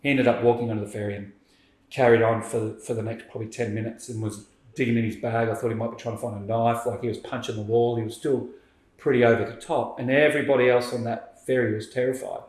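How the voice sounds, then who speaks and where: Animated man telling a story. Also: medium pitch, fast. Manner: animated, acts out quoted speech. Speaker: podcast guest. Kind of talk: conversational storytelling. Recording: roomy echo.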